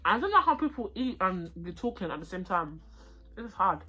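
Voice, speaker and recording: A woman's voice: medium pitch, brisk. A young woman, chatting casually while eating and reviewing food and a film. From United Kingdom. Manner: chatty, excitable, slangy, eating while talking. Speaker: vlogger. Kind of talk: casual mukbang chat and review.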